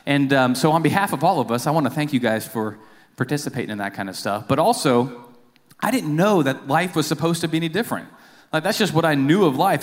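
A man, a church accountant, giving a casual, self-deprecating lay sermon full of fillers and asides. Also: fairly high pitch. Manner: informal and self-deprecating, with many fillers and restarts. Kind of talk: lay sermon with jokes and stories. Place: church sanctuary. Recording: long reverb of a church hall.

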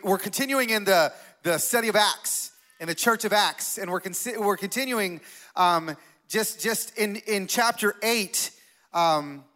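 A man in his forties preaching as a guest speaker in a church, talking casually with self-deprecating humor and animated retelling. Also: high-pitched. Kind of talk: sermon. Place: church sanctuary.

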